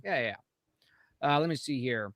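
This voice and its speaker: A man's voice: mid-range voice, expressive, normal speed, fairly bright tone, no room sound, clean studio sound. An American man co-hosting a podcast live stream, rambling and greeting viewers from the chat by name. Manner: rambling, reads out chat names. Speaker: podcast co-host.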